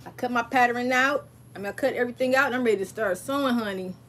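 Chatty excitable woman streaming live. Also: fairly high pitch, quick pace, a little hiss or hum. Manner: rambling, excitable, chats with viewers and reads their comments aloud. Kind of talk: casual live stream chat.

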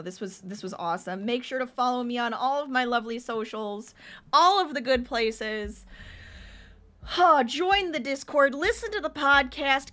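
A young woman streaming a video game, bubbly and excitable, gasping and cheering at the action. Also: fairly high pitch. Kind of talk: let's-play commentary.

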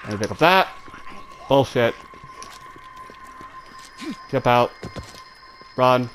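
A man's voice: mid-range voice, animated, very slow, fairly bright tone, slight background noise. A man giving jittery let's play commentary, swearing and talking straight to his viewers. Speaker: gamer.

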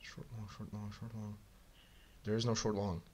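A man reading a bomb manual aloud in a casual co-op game, hurried and muttering. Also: lowish voice, level tone, a little mellow, slight background noise. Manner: hurried, mutters while searching, bursts into laughter. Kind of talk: casual gaming chat.

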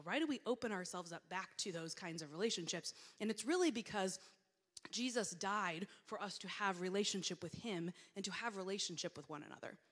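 Woman preaching in a reverberant church. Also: mid-range voice. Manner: self-deprecating storytelling, acts out her own reactions. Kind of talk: conversational sermon. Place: church sanctuary. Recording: long hall reverb.

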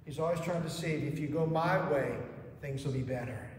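High-voiced male pastor preaching with rhetorical questions, heard from far off in an echoing church. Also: moderate pace, slight background noise. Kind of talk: sermon. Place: church sanctuary. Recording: echoey hall from far off.

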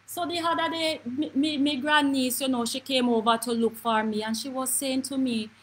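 A woman with a Jamaican accent playing a brash, gossipy auntie, telling stories in a lively comic monologue with quick asides. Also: high-pitched, poor audio. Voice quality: animated patois storytelling, quick asides. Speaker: comedy character host. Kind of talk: live comedic monologue.

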